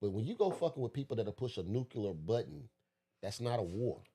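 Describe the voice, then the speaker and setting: Fast-talking man telling loose stories. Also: on the low side, slightly rough. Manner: storytelling, profane, animated. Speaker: podcast co-host. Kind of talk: casual chat.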